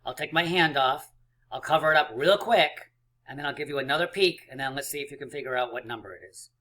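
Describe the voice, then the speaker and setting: Male teacher for a kids' math video, cheerful and encouraging, bright forward tone. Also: on the high side, quick pace. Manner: encouraging, playful, counts aloud. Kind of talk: math lesson for young children.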